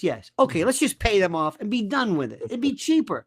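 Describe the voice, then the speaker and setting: He talks a little fast in a high, slightly rough, very animated voice. As a guest commentator from the United States, he rants about politics with emphasis and sarcasm, bouncing between topics.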